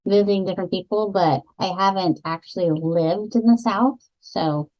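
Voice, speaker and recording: Woman co-host, easygoing book talk, mid pitch, a bit muffled lo-fi sound. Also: normal speed. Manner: relaxed, talkative, with fillers. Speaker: podcast co-host. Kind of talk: casual book chat. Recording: slightly dull lo-fi podcast audio.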